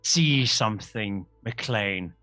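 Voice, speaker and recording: Theatrical gnome guy, hammy, drawn-out, a man doing the voice. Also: on the low side, lively intonation, sharp tone, no room sound, faint music behind, pitched below the performer's own voice, exaggerated voice. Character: melodramatic male gnome performer, wailing.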